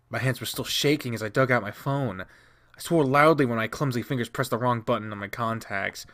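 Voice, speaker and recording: A man reading a visual novel aloud, narrating expressively with quick restarts. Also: mid-range voice, a bit bright. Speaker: game reader.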